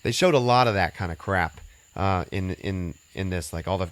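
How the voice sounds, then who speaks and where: A man with a very low voice recaps a movie for a podcast. He talks loosely and casually, with lots of fillers, restarts and swearing. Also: normal speed, no room sound. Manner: rambling, filler-heavy and profane. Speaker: podcast host recapping a film.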